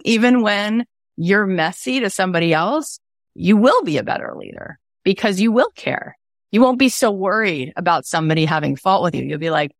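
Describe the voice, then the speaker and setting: Earnest woman, low voice, dry sound. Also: no echo. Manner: earnest, animated, talks in quick bursts with emphatic repetition. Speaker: podcast host. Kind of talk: casual motivational talk.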